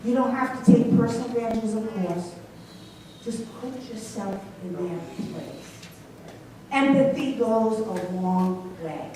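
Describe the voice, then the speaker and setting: A woman's voice: fairly high pitch, slow, mellow, slight background noise. A woman preaching a sermon in a church, telling stories and asking her congregation questions. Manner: storytelling, asks congregation questions. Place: church sanctuary. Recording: echoey church from a distance.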